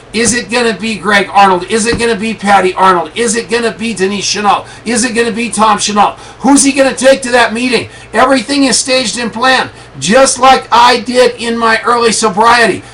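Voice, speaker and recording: A man's voice: high-pitched, a bit bright, a little hiss or hum, poor audio. A middle-aged man hosting a motivational call, emphatic and preachy, repeating his lines for effect. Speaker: network marketing leader hosting a motivational call. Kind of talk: motivational pep talk.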